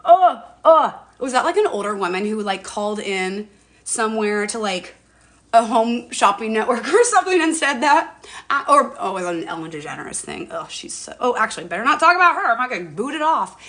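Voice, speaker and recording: A woman's voice: a little high, big pitch swings, a little fast, a bit bright. A woman in her forties chatting casually on a home livestream about skincare, bubbly and talkative with mild swearing. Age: 40s. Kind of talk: casual live-stream chat.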